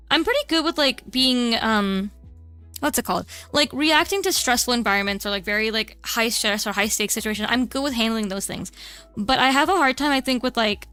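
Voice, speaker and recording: A young woman streams while she draws and chats casually, rambling from thought to thought with lots of fillers and restarts. Her voice sits a little high, bright and very clear, with faint music playing behind her. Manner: rambling, many fillers and self-interruptions. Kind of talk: casual chat while drawing.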